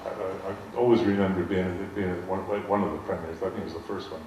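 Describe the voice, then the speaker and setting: A low-voiced older man with a West Country accent spins chatty, amused stories for a live audience. His voice rings around a big hall, picked up from a distance with a faint hiss underneath. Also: steady tone, brisk, darkish tone. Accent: West Country English. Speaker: guest speaker answering audience questions. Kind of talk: anecdotal talk to a live audience. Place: large arts hall.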